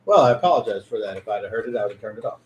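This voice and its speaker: A man's voice: fairly low pitch, expressive, very fast, darkish tone, dull audio, faint music behind. A man running a tabletop game as game master, trading dry jokes with the players. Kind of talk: casual tabletop game chat. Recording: echoey room with faint noise.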